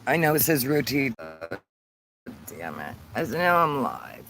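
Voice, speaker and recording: A man hosting a casual livestream outdoors on his phone, rambling and halting as he fumbles with the settings. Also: medium pitch, very animated, fairly bright tone, rough recording. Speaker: channel host on sobriety. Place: outdoors in a sunny yard. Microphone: phone held by the speaker. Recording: outdoor phone stream with road noise.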